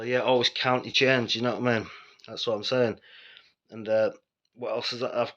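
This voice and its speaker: Yorkshire man, low voice, sweary rambling storyteller, dull lo-fi sound. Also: sharp tone. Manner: rambling, sweary and blunt, with frequent asides to the listener. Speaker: vlogger telling personal stories. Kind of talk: casual storytelling monologue.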